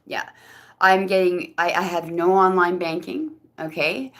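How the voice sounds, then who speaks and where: Woman, lowish register, rambling unscripted testimony monologue, many restarts and quoted voices. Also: level tone, normal speed, a bit bright. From Canada. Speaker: vlogger giving personal testimony.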